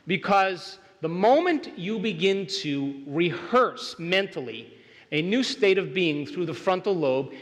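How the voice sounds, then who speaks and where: A man's voice: on the high side, fairly bright tone. A man giving a motivational workshop lecture to a live audience, speaking emphatically and often asking whether the listeners are still with him. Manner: emphatic, keeps checking in with the audience. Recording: long hall reverb.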